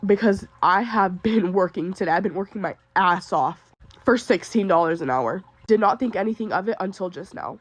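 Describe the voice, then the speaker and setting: A woman's voice: mid-range voice, no room sound. Young adult woman, retail worker, exasperated venting storyteller, sick and upset, dry close sound. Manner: exasperated, ranting, quick bursts.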